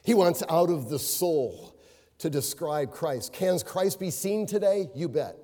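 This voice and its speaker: A man's voice: a little high, animated, a little slow, mellow. A middle-aged man preaching a sermon, hammering key words through repetition and breaking into anecdotes with a chuckle. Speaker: pastor. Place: church sanctuary. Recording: long reverberant hall.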